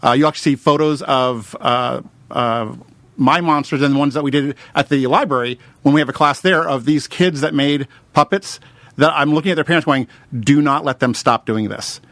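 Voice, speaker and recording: A man's voice: on the high side, normal speed, fairly bright tone, no echo. A man guesting on a talk radio show, talking in a rambling, upbeat way with lots of fillers about improv and puppets. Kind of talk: casual radio interview.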